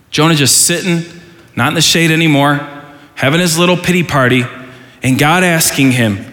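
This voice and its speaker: Man preaching, fairly high voice, animated sermon, long hall reverb. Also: moderate pace. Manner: animated, rising to mock outrage in acted asides. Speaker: pastor.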